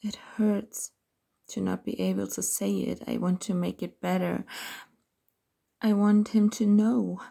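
A woman telling a first-person erotic story as a whispered role-play, in a soft, intimate whisper. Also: medium pitch, flat delivery, a little slow, creaky. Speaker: narrator of an erotic audio story.

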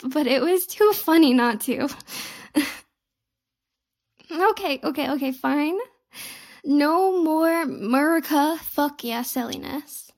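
Giggly, teasing young woman, high fry. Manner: playfully bratty and coy. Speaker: audio role-play performer. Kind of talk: intimate audio role-play.

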